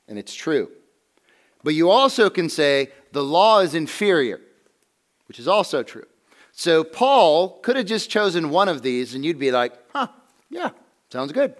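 Slightly high-voiced man teaching a class. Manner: conversational, asks the class questions, stresses key phrases slowly. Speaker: Bible teacher. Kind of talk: classroom Bible lesson.

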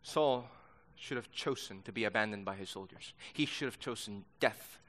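A man's voice: on the low side, moderate pace, fairly bright tone. A man teaching a sermon-style Bible lesson to young people, emphatic and insistent, repeating key words for force.

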